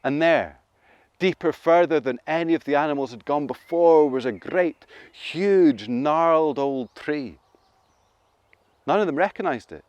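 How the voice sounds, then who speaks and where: A man telling a folk tale to children, animated and playful, asking his listeners questions. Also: fairly high pitch, unhurried, clear, resonant tone, dry recording, highs cut off. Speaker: storyteller. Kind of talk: interactive children's storytelling.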